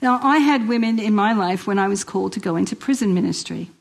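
Woman, New York accent, husky, middle-aged, church testimony speaker, lively storytelling. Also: mid-range voice, quick pace, poor audio. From Queens, New York. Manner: lively storyteller who acts out quoted dialogue and laughs often. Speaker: guest speaker at a women's church event. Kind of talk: personal testimony talk.

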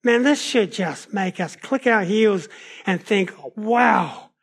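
A man preaches a sermon in a notably high voice. He tells stories in an animated way, shifting his pace and loudness as he goes. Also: a little slow. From New Zealand. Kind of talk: sermon with personal storytelling.

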